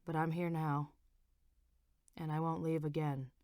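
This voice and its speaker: Grieving husband, low and hushed, pleading, read by a woman. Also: flat delivery, a little slow, no echo, clean studio sound. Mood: pleading, tender. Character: grieving husband, man, distraught.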